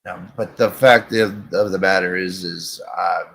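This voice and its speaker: A man's voice: low voice, fairly even intonation, unhurried, vocal fry, a bit bright, breathy edge. A man hosting a comedy talk show, crude and sarcastic in casual banter. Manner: crude, sarcastic, rambling storyteller. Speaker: show host.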